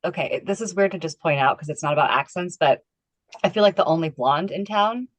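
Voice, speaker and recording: A woman's voice: on the low side, a little fast, no room sound. A woman chatting casually on a podcast, self-deprecating and talkative. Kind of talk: casual chat.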